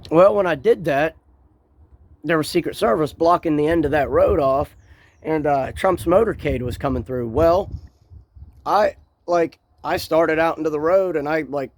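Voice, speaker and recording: A political vlogger from Ohio, USA, talks casually to camera about a day at a rally, rambling and frequently repeating and restarting his words. His voice is on the high side, at a moderate pace, with no echo.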